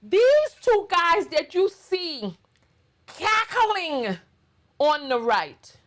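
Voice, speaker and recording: A woman's voice: extremely high pitch, sing-song, very slow. A middle-aged woman with a New York accent hosting a blunt, sassy reaction commentary monologue. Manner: sassy, blunt, emphatic ranting. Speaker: commentary channel host.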